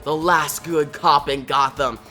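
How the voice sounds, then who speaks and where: A man's voice: a little high, steady tone, unhurried, pushed and bright, soft background music. A man voicing a determined young woman leading a rebel group, giving urgent commands, in a comic story retelling. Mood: commanding.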